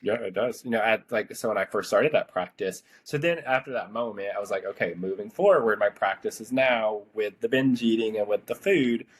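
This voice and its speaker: A man around thirty tells a personal story on his podcast in a relaxed, rambling way. His voice sits low and has a slightly husky edge. He fills his sentences with "like" and circles back as he thinks. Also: fairly quick, few pauses. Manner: chatty, rambling, heavy use of "like". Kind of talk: casual storytelling conversation.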